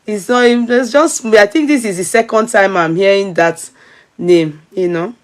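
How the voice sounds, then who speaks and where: A woman's voice: medium pitch, a little slow. A Nigerian woman hosting a commentary chat, switching into Yoruba and asking pointed questions, laughing often. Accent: Nigerian, mixing Yoruba.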